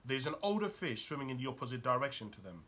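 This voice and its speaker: Husky-voiced man firing questions. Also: medium pitch, very animated, fast, a bit bright. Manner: urgent and probing, fires rhetorical questions at the listener. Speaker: motivational speaker and author. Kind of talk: motivational talk.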